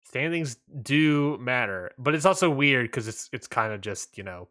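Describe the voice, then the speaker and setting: A man co-hosting a casual wrestling podcast, laid-back and rambling, often trailing off quietly at the ends of lines. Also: mid-range voice, lively intonation, moderate pace. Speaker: podcast co-host.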